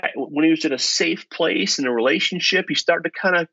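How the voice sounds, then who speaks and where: A middle-aged man, a professor and podcast guest, telling stories in an animated, self-deprecating way. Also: a little high, brisk, gravelly, no room sound. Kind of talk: storytelling in conversation. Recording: dull lo-fi podcast audio.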